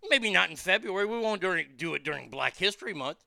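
A man's voice: high-pitched, lively intonation, quick pace, vocal fry, sharp tone, no room sound, studio quality. A man hosting a commentary show, ranting heatedly with sarcasm and profanity and repeating words when worked up.

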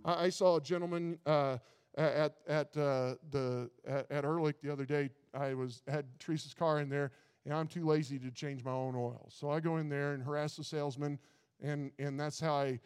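A man's voice: fairly high pitch, fairly even intonation, moderate pace, a little mellow, clear, resonant tone, long reverb tail. A man preaching a sermon in a folksy way, often stumbling over and repeating his words. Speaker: pastor.

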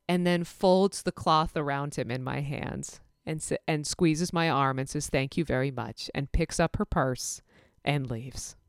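A woman in her thirties with a low, smooth voice tells stories from her veterinary work. She talks casually, with many fillers and restarts. The close mic sounds dry, with no room behind her. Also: no echo. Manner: chatty, animated when quoting people, many fillers. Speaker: veterinary technician and podcast host. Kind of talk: casual storytelling monologue.

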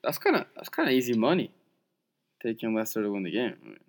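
A young podcast co-host with a medium-pitched voice talks fast, his pitch swinging widely. He chats casually about games and betting picks, easygoing and laughing along.

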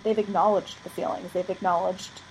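A woman's voice: medium pitch, little pitch movement, normal speed, darkish tone, slight background noise, low-quality recording. Thoughtful, rambling woman in chat. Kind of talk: casual chat.

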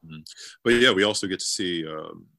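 A man co-hosting a casual chat, speaking haltingly with frequent uh fillers. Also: sits low, gravelly, sharp tone. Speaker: podcast co-host.

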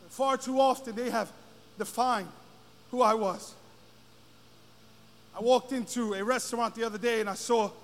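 Guy preaching in church, high bright voice, yells and stretches words, big hall echo. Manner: rises into shouted, drawn-out preaching. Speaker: pastor. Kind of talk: sermon. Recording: long hall reverb.

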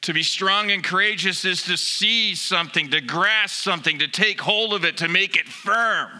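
A male pastor with a very bright, slightly high voice delivers an animated sermon. He tells stories with lively acted-out asides and builds to emphatic exhortations. His voice rings out with a long hall reverb behind it. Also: normal speed, few pauses.

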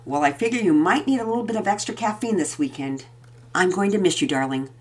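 A woman voicing a loving, gentle mother in a storybook reading, with a soft, sweet tone. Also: fairly low pitch, expressive, quick pace. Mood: affectionate.

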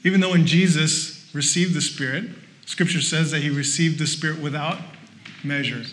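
Male pastor with a high, bright voice. Delivers a lively, joking sermon with punchy repeated exhortations. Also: normal speed. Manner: lively and conversational, with joking asides; exhorting, repeating short phrases.

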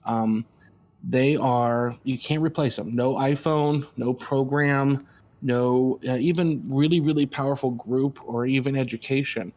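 A middle-aged man speaking as a guest, earnest and conversational. He keeps restarting his sentences and acts out other people's words as he tells a family story. His pitch sits in an everyday middle range. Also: fairly even intonation, measured pace, darkish tone. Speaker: guest, father. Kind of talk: casual storytelling.

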